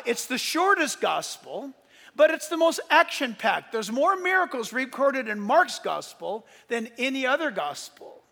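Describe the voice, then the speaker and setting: A man's voice: very high-pitched, bright, forceful tone. A man preaching a sermon as pastor, emphatic, sometimes speeding up and raising his voice. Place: church. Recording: long reverb of a church hall.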